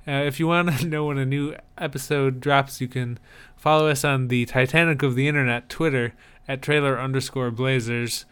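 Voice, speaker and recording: A man's voice: medium pitch, steady tone, normal speed, few pauses, a bit bright, clean tone. A man co-hosting a podcast in casual chat, with dry, wry humor. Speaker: podcast co-host.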